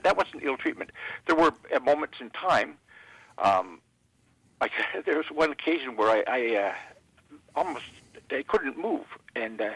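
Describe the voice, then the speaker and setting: Man, from Canada, interview guest, husky voice, dry sound, halting speech with restarts. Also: medium pitch, a bit bright, no echo, rough recording. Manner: halting, many fillers and restarts.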